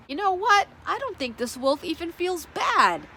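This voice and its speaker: A woman librarian reading a picture book aloud at children's story time, animated and asking the listeners questions. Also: very high-pitched, measured pace, a little hiss or hum.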